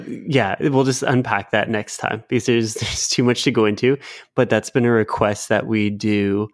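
A man's voice: lowish voice, no echo, clean studio sound. A man co-hosting a podcast in loose, casual chat, swearing and laughing easily. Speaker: podcast co-host.

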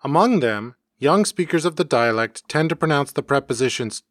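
A man narrating a scripted educational podcast in an even, read-aloud manner. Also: medium pitch, normal speed, hardly any pauses, dry recording, clean studio sound. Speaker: podcast host. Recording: homemade podcast recording.

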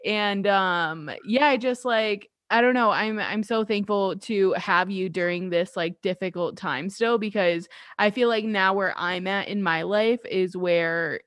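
A woman's voice: mid-range voice, measured pace, a bit bright, no room sound, studio quality. A young woman hosting a podcast, chatting casually, saying "like" a lot and laughing often. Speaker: podcast host. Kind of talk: casual chat.

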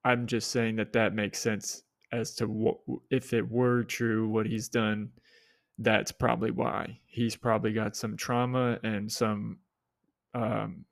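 A man's voice: little pitch movement, slow, vocal fry, dry recording. Casual young man hosting a podcast, dry. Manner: rambling, swears casually, mimics people in high voices. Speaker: podcast host. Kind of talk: casual solo podcast monologue.

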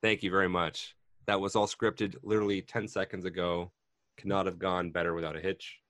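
Deep-voiced nervous man hosting a podcast. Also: level tone, brisk, a bit bright, dry recording. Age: 30s. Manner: nervous, rambling with fillers and restarts. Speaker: podcast host. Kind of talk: casual podcast chat.

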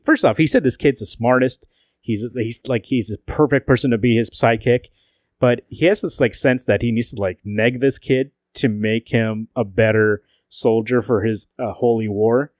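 A man's voice: medium pitch, no echo, clean studio sound. A man co-hosting a casual podcast, swearing and laughing as he reads out lines. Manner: profane, laughing, animated when reading quotes. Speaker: podcast co-host.

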